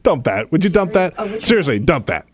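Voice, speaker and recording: A man hosting a call-in radio talk show, animated and easily amused, laughing along with his callers. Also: a little high, brisk.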